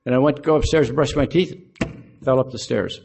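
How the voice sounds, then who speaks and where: A man's voice: medium pitch, brisk, vocal fry, a little mellow, slight background noise. An older man from Illinois telling a folksy, self-mocking story to a group, acting out both sides of conversations. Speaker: recovery meeting speaker.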